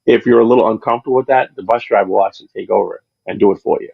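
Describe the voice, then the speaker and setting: A man with a gravelly, husky voice talks in a chatty, rambling way, often stopping and starting over as he tells his stories. The sound is dry and a little dull and lo-fi, with no room around it. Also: on the low side, rapid-fire, no room sound. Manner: rambling, chatty storyteller with frequent restarts. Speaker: channel creator, interview guest. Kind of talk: casual chat on a livestream.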